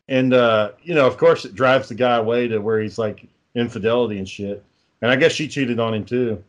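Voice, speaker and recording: A man's voice: medium pitch, fairly quick, highs cut off. A man telling rambling, profane stories in casual chat, laughing as he goes.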